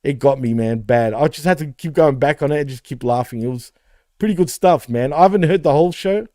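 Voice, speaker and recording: Male podcast co-host, relaxed and profane, dark tone, close dry sound. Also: fairly high pitch, a little fast, no echo. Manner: laid-back, swears freely, laughs often. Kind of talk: casual wrestling podcast chat.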